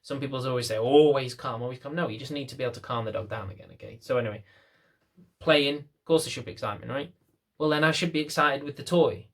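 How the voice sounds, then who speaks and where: Male dog trainer, young, mid-pitched, talks bluntly to camera and rambles, mocking himself as he goes. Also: quick pace, a bit bright. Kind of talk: casual talk to camera.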